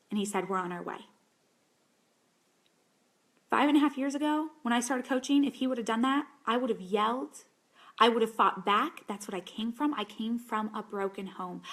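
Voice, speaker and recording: A woman in her thirties giving an emotional personal testimony on a group call, chatty and earnest. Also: a little high. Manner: chatty and emotional, shifting from bubbly to soft and earnest. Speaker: team coach on a group call.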